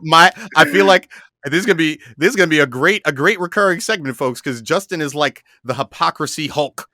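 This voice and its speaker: A man co-hosting a podcast in casual banter. He is animated, stumbles through restarts, and sometimes slows into a dramatic delivery. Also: on the high side. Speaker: podcast co-host.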